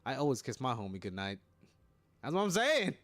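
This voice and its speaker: A male streamer in casual live-stream chat, excitable and laughing, joking and swearing with his chat. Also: mid-range voice, brisk.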